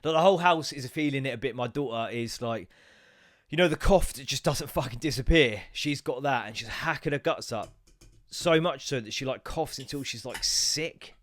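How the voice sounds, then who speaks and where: Recorded dry, this mid-range male voice belongs to a solo podcast host who sounds bunged up and congested from a cold. His casual rant rambles, gets sweary, and slips into goofy voices.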